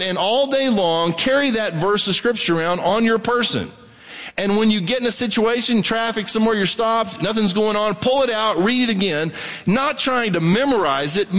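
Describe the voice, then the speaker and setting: A male pastor delivers a sermon with a fairly high voice. He talks plainly and bluntly, swinging from excited bursts to hushed asides. Long reverb from the church hall trails his words.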